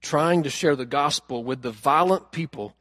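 A man preaching a sermon, telling a story earnestly and asking the congregation questions, moving from loud emphasis to hushed lines. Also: on the high side, normal speed, dry recording, clean studio sound. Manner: addresses the congregation directly with questions. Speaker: pastor.

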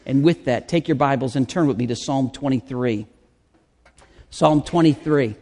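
A man preaching a sermon in a church, slow and deliberate, drawing out his phrases. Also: mid-range voice, mellow. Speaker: pastor. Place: church sanctuary. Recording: long hall reverb.

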